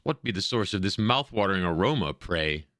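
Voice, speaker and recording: A man's voice: low voice, animated, brisk, fairly bright tone, no room sound, clean studio sound. A man voicing an elderly, forgetful village woman in a role-playing game, reading her quaint, old-fashioned lines aloud. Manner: quaint archaic phrasing, read aloud.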